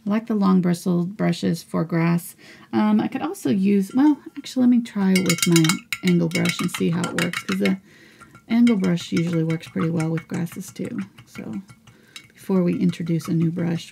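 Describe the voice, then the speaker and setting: A woman teaching a live painting lesson in a breathy, soft voice, often mumbling as if talking to herself. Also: lowish voice, normal speed, noisy background. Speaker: painting instructor.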